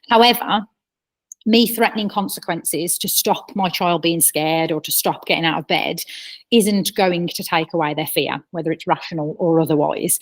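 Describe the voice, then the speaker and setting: A woman in her thirties presenting a parenting webinar, chatty and explanatory, with personal stories. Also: lowish voice. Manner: chatty, explanatory, with personal anecdotes and acted quotes. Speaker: childcare trainer.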